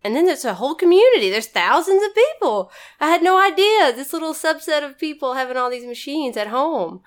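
A woman's voice: sits high, very animated, fairly quick. A woman from Mississippi, a podcast guest telling stories casually with laughs. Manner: chatty, laughing, says y'all. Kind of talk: casual storytelling.

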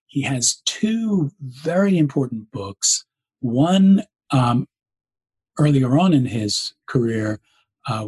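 A man's voice: mid-range voice, slightly rough, low-quality recording. A man hosting an interview show, introducing his guest in a formal, effusive way with frequent ums. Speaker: podcast host.

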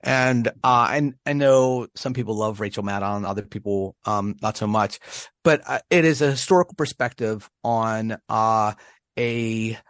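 A man's voice: lowish voice, moderate pace, fairly bright tone, dry recording, studio quality. An American man co-hosting a casual podcast chat, rambling with many restarts and laughs. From United States. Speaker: podcast co-host.

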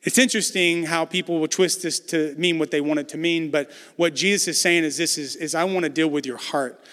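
A man's voice: on the high side, steady tone, a little fast, fairly bright tone, long reverb tail. A man preaching a conversational sermon as pastor, building emphasis through repetition.

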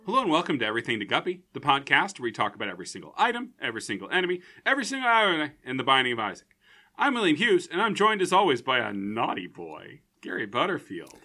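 A man hosting a comedy podcast, talking quickly and playfully in casual chat. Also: huge pitch swings, bright, forceful tone. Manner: quick, playful, big swings in pitch. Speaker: podcast host.

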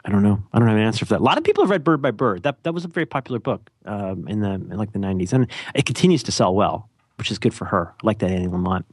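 A man's voice: fairly low pitch, lively intonation, racing, slightly rough, no room sound, clean studio sound. A man co-hosting a podcast in a casual, rambling, jokey way, with self-deprecating asides. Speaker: podcast co-host.

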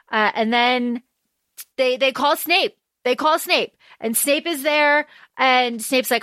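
Excitable lady podcaster, sharp bright voice, pretty high, dry sound. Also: slow pace, no room sound. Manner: excitable, swears freely. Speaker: podcast co-host. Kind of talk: casual chat recapping a story.

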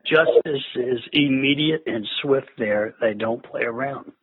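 A man in casual conversation, telling travel stories in a relaxed way with many fillers. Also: mid-range voice, a little slow, slightly rough, no room sound. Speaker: guest. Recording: phone-like lo-fi line.

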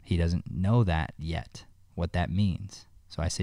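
A man's voice: low voice, a little slow, creaky, dark tone, dry recording, clean studio sound. A man talking earnestly in a heartfelt one-on-one conversation, telling a personal story with frequent restarts.

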